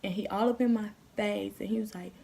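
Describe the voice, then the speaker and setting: A woman's voice: medium pitch, steady tone, a little fast, gravelly, warm tone, slight background noise. A woman vlogger telling a story straight to her viewers in a blunt, heated, casual way, swearing freely. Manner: addresses viewers directly.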